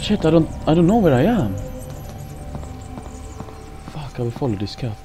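A man's voice: a little high, very animated, normal speed. A man commentating a horror game, easily frightened, swearing a lot, shrieking and talking himself down with repeated reassurances. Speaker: gameplay commentator. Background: game music.

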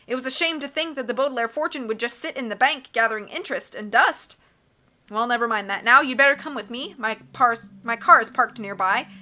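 A pompous, coughing middle-aged banker, as a woman reader puts him on, all bluster and scolding. His voice rides a touch higher than a man's usually would and rings bright and forceful, pushed loud as he barks orders. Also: a little fast. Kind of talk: audiobook character reading.

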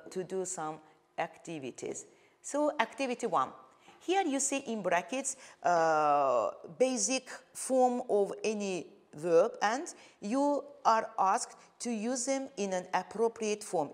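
A woman with an Azerbaijani accent teaches an English lesson at a careful, deliberate pace. She spells out word endings letter by letter and pauses often with "uh". Her voice sits at an ordinary middle pitch. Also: expressive. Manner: slow, deliberate, spells out suffixes, frequent "uh" pauses. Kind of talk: televised classroom lesson.

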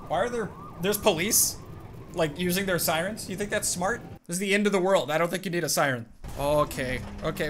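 A young man giving jokey, excited commentary as he plays a game, chatting to his companion and yelping at scares. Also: sits high, slight background noise. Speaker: gaming YouTuber. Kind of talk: excited let's-play commentary.

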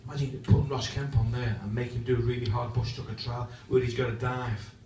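A man's voice: mid-range voice, level tone, fairly quick, a little mellow. A man doing live stand-up at an event, cheekily teasing the crowd and jumping between voices. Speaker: comedian and impressionist. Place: large function room, indoors. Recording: echoey hall from far off, faint noise.

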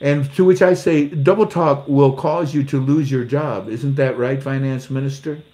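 A man's voice: mid-range voice, fairly even intonation, normal speed, mellow. A man reading news articles aloud and mocking them with sarcastic jokes and acted-out exchanges. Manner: sarcastic, jokey, acts out little dialogues; laughs at his own jokes. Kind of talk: casual commentary.

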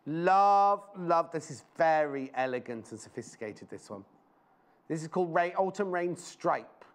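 A man's voice: on the high side, expressive, moderate pace. A man presenting a live shopping show in a TV studio, chatting in rambling anecdotes and speaking fondly to viewers.

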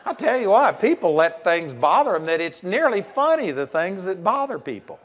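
A man preaching a sermon in a folksy, animated way, swinging between loud punches and quiet asides. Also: high voice, normal speed.

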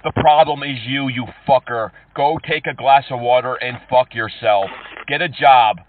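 A man making prank phone calls to scammers, mocking and insulting them, switching from fake politeness to yelling. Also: mid-range voice, moderate pace, a little hiss or hum. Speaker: scam-baiting prank caller. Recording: tinny phone-call audio.

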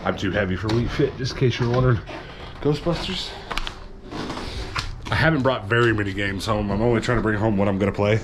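A man's voice: lowish voice, a little fast, long pauses, noisy background. A man chatting casually in a home vlog, talking to camera and to a small child as he sets up game gear. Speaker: vlogger.

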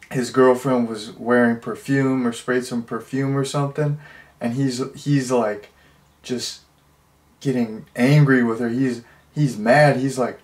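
Rambling man reviewing a movie. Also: mid-range voice. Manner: rambling, many fillers and restarts; gets loud and incredulous when amused. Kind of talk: casual spoken movie review.

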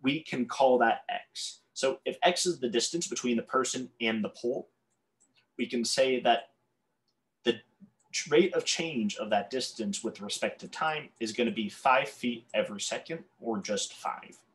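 Man, calculus teacher, explaining at a board, stumbles over words, corrects himself, mid pitch. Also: moderate pace. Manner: tongue-tied, self-correcting, apologetic asides. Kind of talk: whiteboard math lesson.

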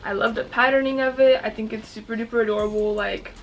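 A woman's voice: on the high side, fairly even intonation, fast, far from the mic, a little hiss or hum. A young woman doing a fashion try-on haul, bubbly and gushing, with lots of "like" filler. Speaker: fashion vlogger.

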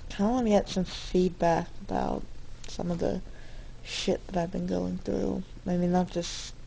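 Slow, gravelly young woman vlogging. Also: fairly low pitch, little pitch movement, warm tone, slight background noise, poor audio. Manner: rambling and candid, with frequent fillers and self-corrections. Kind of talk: casual video diary. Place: dorm room.

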